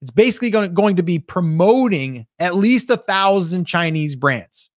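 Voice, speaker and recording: A man's voice: high-pitched, lively intonation, normal speed, no echo, clean studio sound. A man co-hosting a casual discussion, thinking aloud with hesitations and restarts. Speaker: podcast co-host.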